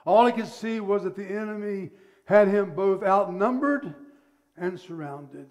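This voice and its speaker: A male pastor preaching a sermon, telling the story in an animated way and acting out the scenes. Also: high voice, moderate pace.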